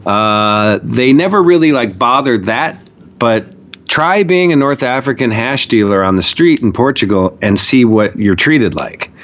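Man, podcast guest, casual profane storytelling, mid-pitched voice, slightly muffled recording. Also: a little slow. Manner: profane, rambling, animated storyteller with many fillers.

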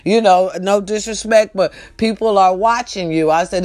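A woman telling a story to her viewers in a loud, profane, preachy way, calling them y'all. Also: mid-range voice, normal speed, few pauses. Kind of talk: animated casual storytelling to camera.

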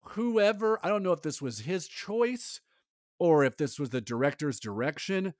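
A man co-hosting a podcast in casual chat, animated and rambling, acting out lines from a movie. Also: on the high side, no room sound, studio quality. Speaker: podcast co-host.

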